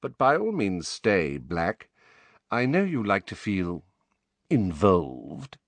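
A man voicing a cold, sneering male schoolmaster who speaks in a quietly waspish way. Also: a little high, big pitch swings, moderate pace, dry recording, pitched above the performer's own voice.

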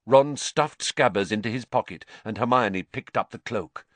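A man narrating a story in an expressive storytelling manner. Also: mid-range voice, normal speed, no echo. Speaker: audiobook narrator. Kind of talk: scripted narration.

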